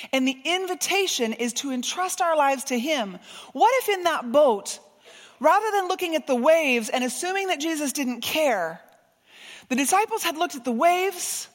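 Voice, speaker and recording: High-voiced woman preaching in a hall. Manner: expressive, shifts between soft and emphatic. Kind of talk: sermon.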